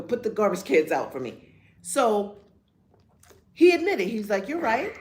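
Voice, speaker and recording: A woman in her fifties co-hosting a candid chat show, telling a story with vivid acted-out quotes and blunt, profane language. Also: mid-range voice. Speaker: podcast co-host.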